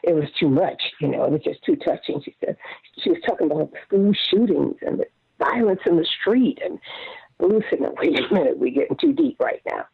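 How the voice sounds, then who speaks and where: A woman's voice: on the low side, fairly quick, creaky, husky, no echo. An older woman, a singer, telling stories in a casual phone interview and acting out the voices of the people in them. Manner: animated storyteller, acts out quotes. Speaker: guest singer. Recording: dry phone line.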